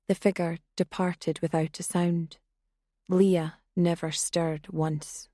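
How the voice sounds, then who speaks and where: A woman reading a thriller audiobook in a measured narration that grows hushed in tense passages. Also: fairly low pitch, level tone, no room sound, studio quality. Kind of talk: scripted suspense narration.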